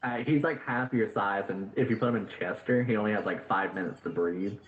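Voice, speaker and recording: A man's voice: lowish voice, brisk. A man narrating as dungeon master, rambling with lots of fillers. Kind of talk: narrating a tabletop game. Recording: echoey, tinny voice-chat line.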